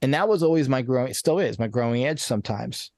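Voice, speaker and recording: A man's voice: medium pitch, quick pace, darkish tone. A man guesting on a podcast as a coach, talking earnestly in a rambling, casual way with many restarts and repeated words. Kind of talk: casual conversational interview.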